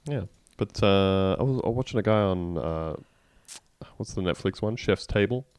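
Low-voiced wry man. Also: normal speed, darkish tone, smooth, dry recording. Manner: dry, wry storytelling with laughs. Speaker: podcast co-host. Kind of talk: casual comedic chat.

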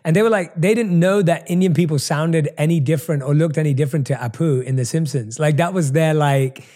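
A man's voice: fairly high pitch, a little fast, dark tone. A man from London with a London English accent, hosting an interview, effusive and repeating himself as he praises. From London, England. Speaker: interviewer host. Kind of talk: interview conversation.

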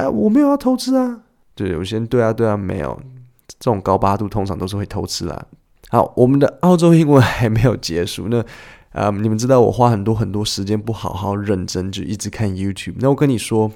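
A man's voice: fairly low pitch, vocal fry, darkish tone. A man teaching English in a chatty, playful way, acting out short dialogues as he explains clips.

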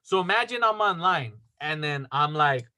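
A podcast storyteller tells a tale in casual chat, rambling with lots of fillers and acting out the dialogue. His voice is a little high, expressive and sharp in tone, at a normal speed.

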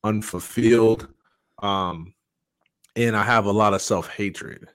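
A middle-aged man speaking as a guest, telling a personal story earnestly and candidly, halting often with fillers. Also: lowish voice, steady tone, fairly bright tone, clean tone, no echo. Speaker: podcast guest.

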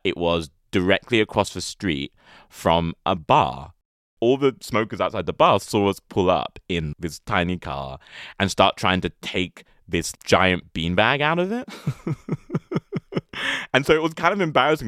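A man's voice: low voice, a bit bright, clean tone, dry recording, clean studio sound. A young man with an English accent telling a personal story in a chatty, amused way, full of fillers. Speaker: guest storyteller.

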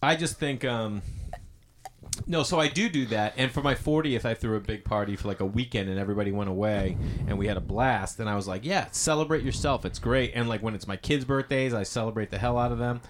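A man in his forties, a comedian chatting casually and telling animated stories, acting out quoted people. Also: fairly low pitch, fast, a little hiss or hum. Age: 40s. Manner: chatty storyteller, acts out quoted voices. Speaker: comedian podcast host. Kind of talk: casual chat.

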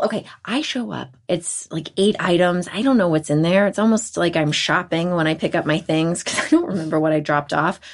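A woman in her thirties hosting a podcast, telling stories in casual chat and acting out the people in them. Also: fairly low pitch. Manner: animated storyteller who acts out other people. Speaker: podcast host.

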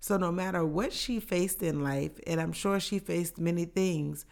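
A woman's voice: on the low side, measured pace, creaky, a little mellow. A woman podcast host telling a personal story in an earnest, reflective way. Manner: earnest, reflective, faith-filled.

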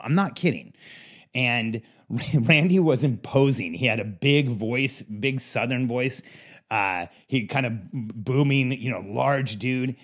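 Brief: male business coach, mid-pitched, casual and blunt, storytelling monologue. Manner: casual, candid, anecdotal.

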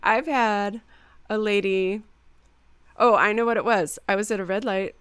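A woman's voice: mid-range voice, unhurried, smooth, no room sound. A woman, a mother in her thirties, chatting casually and acting out quoted lines as she tells stories. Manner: animated storyteller, acts out quotes. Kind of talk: casual chat.

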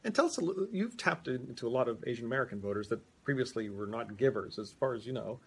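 A man's voice: mid-range voice, animated, fast talker, fairly bright tone, slightly rough. A male interviewer asking questions in a loose, conversational way, joking at times and restarting his sentences.

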